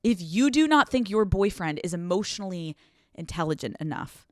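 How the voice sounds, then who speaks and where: A woman hosting a podcast, giving casual relationship advice in a blunt, profane and animated way, running on no sleep. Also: on the low side, normal speed, dry recording, studio quality. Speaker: podcast host.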